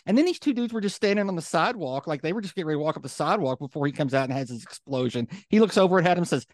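A man's voice: on the high side, expressive, quick pace, dry recording, studio quality. A man co-hosting a podcast, telling stories casually with plenty of fillers and getting fired up. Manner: chatty storyteller, many fillers, gets fired up. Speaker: podcast co-host. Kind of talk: casual chat.

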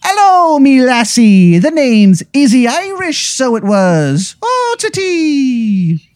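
A man's voice: very high voice, huge pitch swings, slow, darkish tone, no echo, studio quality, pitched above the performer's own voice, exaggerated voice. A man voicing a drunken old male leprechaun who speaks in a terrible fake Irish accent with a sing-song lilt.

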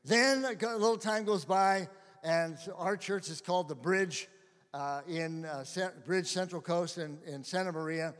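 A middle-aged male pastor telling stories in a sermon, animated and often laughing. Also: high-pitched, moderate pace, clear, resonant tone. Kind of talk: sermon storytelling. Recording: long hall reverb.

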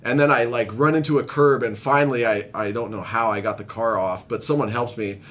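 A young man telling rambling, profane stories in casual chat, laughing often and growing animated as he retells them. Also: brisk. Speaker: guest telling recovery stories. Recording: faint low rumble.

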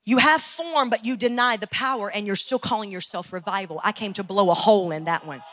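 A woman's voice: medium pitch, brisk, fairly bright tone. A woman pastor preaching a fiery sermon, building in intensity and repeating phrases for emphasis. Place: church sanctuary.

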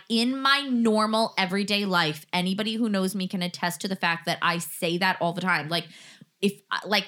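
A woman hosting a podcast in relaxed chat, her voice bright and clear at a middle pitch. She tells stories with lively energy, peppers them with "like," and acts out what others said. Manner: animated storyteller, heavy use of "like", acts out quotes. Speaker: podcast host. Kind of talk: casual chat.

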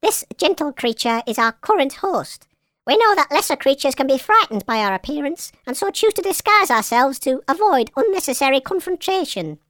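A woman doing a pedantic high-pitched mushroom bureaucrat. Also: very animated, moderate pace, a bit bright, no echo, clean studio sound. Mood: officious. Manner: officious, legalistic, precise. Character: pedantic bureaucratic talking mushroom collective spokes-fungus. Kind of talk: comedy audio sketch acting.

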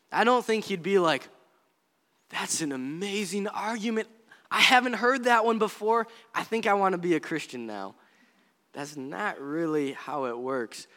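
A man's voice: on the high side, a bit bright. A man preaching a sermon in an earnest, conversational way, as a pastor speaking to his congregation. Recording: long hall reverb.

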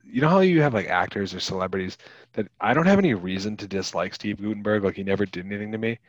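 Podcast co-host, male, 30s, low voice, loose rambling delivery, dull lo-fi mic. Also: fast, no room sound. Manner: rambling, many fillers and restarts. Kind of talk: casual movie podcast chat.

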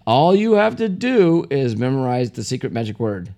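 Tipsy giggling man, wildly lively pitch. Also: normal speed. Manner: giggly, keeps breaking into laughter and stumbling over words. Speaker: podcast co-host. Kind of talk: casual banter over a word game.

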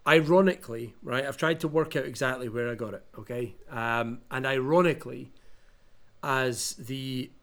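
Scottish guy on a podcast, sick w covid, self-mocking, mid pitch. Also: moderate pace. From Scotland. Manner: self-mocking, rambling with restarts. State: ill with covid. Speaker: podcast co-host. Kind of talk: casual chat.

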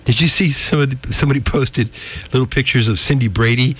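A man giving a live weather update on the radio, slightly out of breath and halting, full of ums and uhs. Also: mid-range voice, fairly even intonation, breathy edge. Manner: hesitant, lots of ums and uhs. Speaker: weather forecaster.

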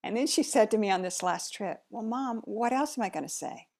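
A middle-aged woman chatting casually, reflective and unhurried, with soft laughs. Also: medium pitch, expressive, vocal fry. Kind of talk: casual chat.

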